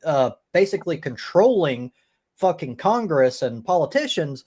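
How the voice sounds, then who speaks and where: A man's voice: on the high side, very animated, moderate pace, darkish tone. Emphatic, swearing male debate host. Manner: emphatic and profane, with frequent restarts. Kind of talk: casual live-stream debate.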